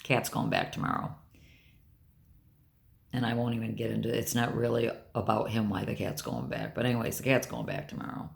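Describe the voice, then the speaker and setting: A woman's voice: rumbling low, brisk, vocal fry. An older woman talking candidly and bluntly in a rambling personal vlog. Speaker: vlogger.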